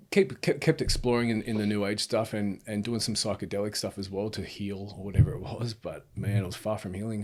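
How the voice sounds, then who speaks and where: A man in his thirties, a podcast guest telling his story in an earnest, rambling way, full of restarts and "bro". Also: on the low side. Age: 30s. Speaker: podcast guest, speaker and author. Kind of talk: casual storytelling chat.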